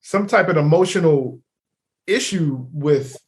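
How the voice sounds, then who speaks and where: A man's voice: fairly high pitch, unhurried. A man co-hosting a podcast in casual chat, rambling with many fillers and speaking emphatically. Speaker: podcast co-host.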